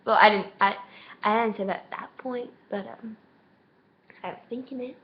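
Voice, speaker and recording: A woman's voice: fairly high pitch, fairly even intonation, moderate pace, lo-fi sound, slight background noise. A teenage girl vlogging casually, gushing through a story, acting out the dialogue and saying "like" constantly. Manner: gushing, lots of "like", acts out dialogue.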